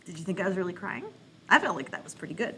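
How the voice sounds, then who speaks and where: A woman who works as a children's librarian hosts a playful read-aloud program for kids. She talks in an animated, silly and encouraging way. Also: lowish voice, very fast, slight background noise. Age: adult parent.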